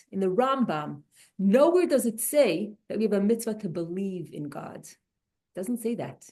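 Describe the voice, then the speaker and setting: A woman teaching a Torah class, animated and restarting her sentences often. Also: medium pitch. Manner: animated, many restarts and repeated words.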